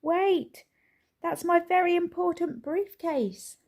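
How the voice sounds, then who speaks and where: A woman voicing a fussy, frantic grown businessman in a children's storybook, calling out high and loud. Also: expressive, slow. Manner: high, loud, urgent cries.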